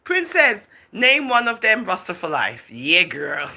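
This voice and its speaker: A woman chatting live on her stream and answering viewer comments in a teasing, easygoing way. Her voice is bright and clear, and her pitch jumps around a great deal as she talks. She calls viewers darling and girl and laughs often. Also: sing-song, unhurried. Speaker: livestream host. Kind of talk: casual livestream chat, reading out viewer comments.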